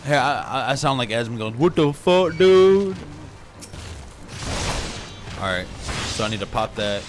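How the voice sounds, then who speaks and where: Excitable, cursing man streaming a game. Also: fairly low pitch, fast talker, music in the background. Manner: excitable, profane, reads game dialogue aloud. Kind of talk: live gameplay commentary.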